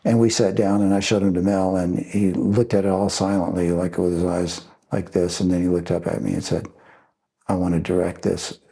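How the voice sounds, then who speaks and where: An older man, a screenwriter and director, telling long animated anecdotes in an interview and acting out the voices of the people he quotes. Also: deep voice, brisk, vocal fry, few pauses. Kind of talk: storytelling interview.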